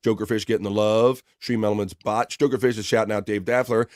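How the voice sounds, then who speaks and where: A man's voice: on the low side, fairly even intonation, a little fast, hardly any pauses, dry recording, studio quality. A man hosting a live stream, chatting casually and reading out viewer comments with upbeat greetings by name.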